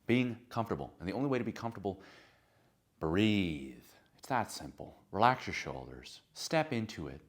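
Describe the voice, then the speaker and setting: A young man coaching confidence in an emphatic motivational talk, building his lists up to loud crescendos. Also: fairly low pitch, sing-song, moderate pace.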